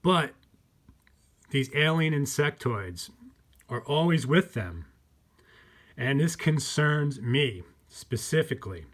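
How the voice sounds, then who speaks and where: Halting, rambling man. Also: mid-range voice, expressive. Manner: repetitive, halting, addresses viewers as folks. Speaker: conspiracy channel host. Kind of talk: rambling monologue to viewers.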